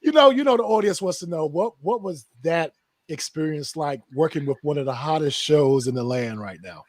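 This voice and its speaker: A man hosting a casual interview, upbeat and quick to react with excitement. His voice sits high for a man, recorded dry with almost no room sound. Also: dry recording. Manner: enthusiastic, quick to exclaim "that's dope", "wow". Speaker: podcast host.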